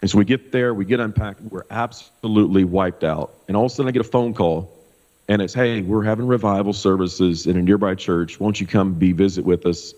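Man, middle-aged pastor, low voice, long hall reverb, muffled sound. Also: fairly quick. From Kansas. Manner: animated, loose storyteller with many fillers. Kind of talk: casual storytelling testimony.

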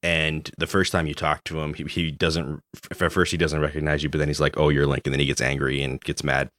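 A man's voice: a bass voice, level tone, fairly quick, fairly bright tone, dry recording, clean studio sound. A man co-hosting a podcast, talking casually about a video game, rambling with many fillers and chuckles. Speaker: podcast co-host.

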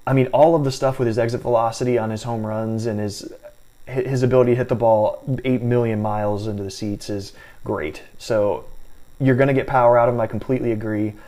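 A man's voice: mid-range voice, steady tone, mellow. Man talking fantasy baseball stats. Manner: hedging, restarts, stat-heavy, measured. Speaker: fantasy baseball podcast co-host. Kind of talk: casual analytical sports chat.

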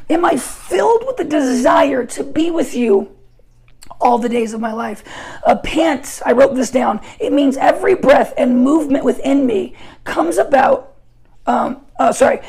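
A young woman preaches a sermon in a high, gravelly voice. Her tone is a little husky, and she moves between quiet asides and loud, emphatic lines as she tells her stories. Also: low-quality recording. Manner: animated storytelling, shifts between soft asides and shouted emphasis.

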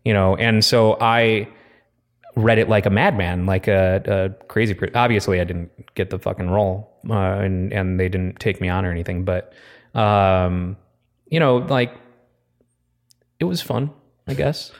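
Young man, low voice, rambling, filler-heavy podcast storyteller. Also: unhurried. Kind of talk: casual chat.

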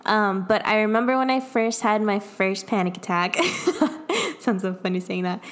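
A woman's voice: mid-range voice, animated, normal speed. A young adult woman in casual chat, telling a personal story in a rambling way, full of fillers and laughs. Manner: rambling, lots of "like", laughs often.

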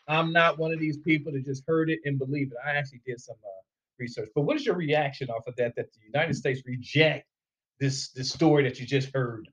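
A man hosting a casual talk show, emphatic and animated as he makes his points. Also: medium pitch, fairly quick, muffled recording. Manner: animated and emphatic, rising when fired up. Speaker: podcast host.

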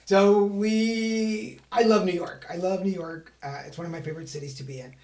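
A man from California, a podcast guest, telling a story in a lively, self-mocking way and acting out other voices. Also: high voice, moderate pace. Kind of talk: casual storytelling. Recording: echoey room.

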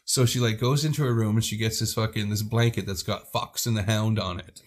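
A man's voice: lowish voice, brisk. A man co-hosting a podcast, telling a rowdy personal story in casual chat, swearing freely and acting out the people in it. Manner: profane, animated storyteller who acts out quoted people. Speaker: podcast co-host.

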